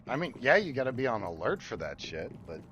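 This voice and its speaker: A man's voice: medium pitch, very animated, fast talker, highs cut off, background noise. A man, a parent, chatting casually and bluntly with heavy swearing while he streams a game. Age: adult parent. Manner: profane, blunt and emphatic. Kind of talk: casual chat while gaming. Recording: game sounds and gunfire behind. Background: game ambience and gunfire.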